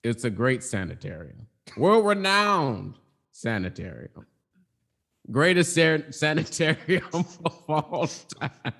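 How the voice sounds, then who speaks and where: A man's voice: a little high, big pitch swings, takes it slowly, creaky, a bit bright, voice pushed up, exaggerated voice. Pompous bragging sanitarium man, a podcast host putting him on, puffed-up and self-praising. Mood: boastful. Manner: boastful, pompous. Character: pompous self-proclaimed pure-hearted man boasting of his sanitarium.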